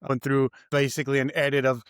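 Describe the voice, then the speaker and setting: A man's voice: medium pitch, little pitch movement, fast talker, a bit bright, clear, resonant tone, no echo, clean studio sound. Laid-back cursing man hosting a podcast. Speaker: podcast host. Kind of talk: casual podcast chat.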